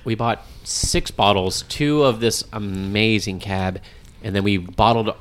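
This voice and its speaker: Chatty co-host man, low voice. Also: unhurried, slight background noise. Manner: chatty, curious. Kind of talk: casual chat.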